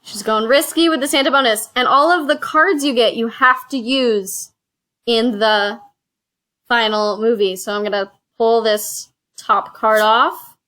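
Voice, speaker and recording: A woman with a slightly high voice hosts a casual board game session. She reads out each card, counts the spaces aloud and drops in chatty asides between rolls. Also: fairly even intonation, unhurried, sharp tone. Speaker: host.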